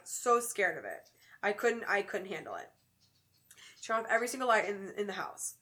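A woman whose voice is on the high side with a sharp tone co-hosts a podcast, chatting casually and joking. She explains a spooky game at length, going step by step.

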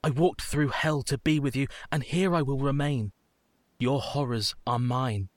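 An actor playing an earnest young solicitor and devoted husband, in radio drama style. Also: male voice, medium pitch, unhurried, no room sound, lightly acted.

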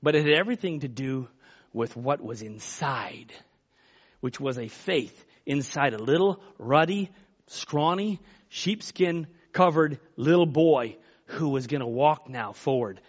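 A man's voice: medium pitch, expressive, a little slow. A man preaching a sermon in a folksy, emphatic way, acting out Bible quotes as he goes. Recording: dull lo-fi recording.

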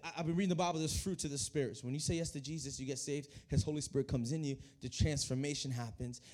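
A young man preaching a lively sermon to a youth congregation, often repeating his words as he builds energy. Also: on the high side. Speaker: youth pastor. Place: church hall.

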